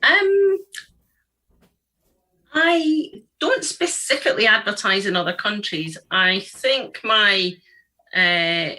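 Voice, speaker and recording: A woman's voice: medium pitch, animated, slow, pauses often, sharp tone. A woman talking casually as an interview guest over a video call, chatty and friendly, often ending with tag questions. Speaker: guest, tutoring business owner.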